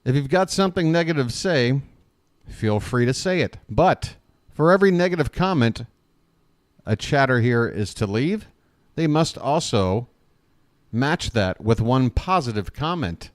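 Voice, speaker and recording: Man, mid-pitched, fan play-by-play host, chatty and conversational, close dry sound. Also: expressive, unhurried, dry recording. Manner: chatty, addresses listeners as folks, frequent uh fillers. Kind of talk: live fan play-by-play and commentary.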